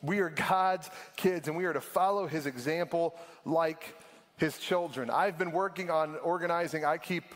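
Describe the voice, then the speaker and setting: A man, preaching a sermon in a casual storytelling way that slows down for emphasis. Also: fairly high pitch, a bit bright, in a large hall. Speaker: pastor.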